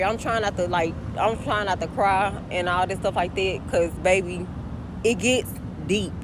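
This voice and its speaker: Animated woman telling a story, noisy background. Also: medium pitch. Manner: animated, profane, addresses listeners as y'all. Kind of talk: casual storytelling to a phone. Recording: noisy background with passing cars.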